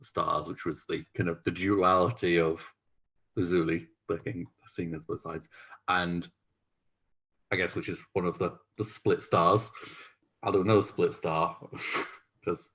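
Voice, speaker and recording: A man reflecting thoughtfully after a tabletop game, hesitant and pausing often. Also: deep voice, steady tone, fairly bright tone.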